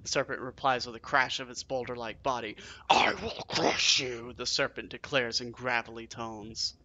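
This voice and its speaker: A man doing let's-play commentary, reading game text aloud and reacting with excited, cursing self-talk. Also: mid-range voice, moderate pace. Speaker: game streamer.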